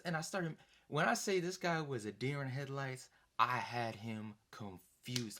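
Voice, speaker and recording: Lively young man telling a story. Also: fairly high pitch, moderate pace. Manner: animated, loose, swears casually, acts out voices. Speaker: vlogger. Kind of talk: casual storytelling.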